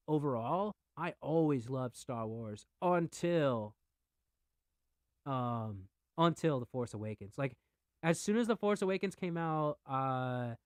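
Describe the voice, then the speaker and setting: A young man rants casually on his podcast, cursing freely and veering between quiet mumbling and sudden loud outbursts. His voice sits at an ordinary middle pitch. The sound is dry and close, with almost no room around it. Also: no room sound. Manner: profane, excitable, swings from mutters to shouting. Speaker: podcast host. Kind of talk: casual rant.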